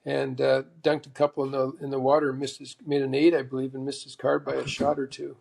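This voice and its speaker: Gravelly man telling stories. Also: medium pitch, fairly quick. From Canada. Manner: lively storyteller who acts out other people's lines. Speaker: guest, former tour golfer. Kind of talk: casual interview chat.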